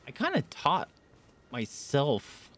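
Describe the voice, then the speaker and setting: A man streaming a video game live, rambling through his play and breaking into startled yelps and shouts when enemies surprise him. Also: medium pitch, huge pitch swings, slow pace. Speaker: gaming streamer. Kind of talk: live gameplay commentary.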